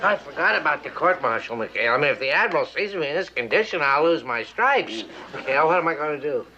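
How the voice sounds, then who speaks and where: A blustering navy captain. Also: male voice, a little high, sing-song, quick pace, sharp tone. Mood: flustered. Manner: pompous, flustered, prone to outbursts. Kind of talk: sitcom acting. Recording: dull old TV audio with laugh track and hiss.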